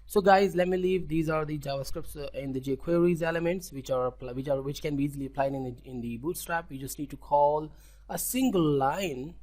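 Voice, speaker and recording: A man's voice: a little high, a little mellow. A man with an Indian accent walking through a coding tutorial, often restarting and correcting himself and checking in with "okay?". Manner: halting, self-correcting, repeats words, frequent "okay?". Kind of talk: screen-recorded coding tutorial.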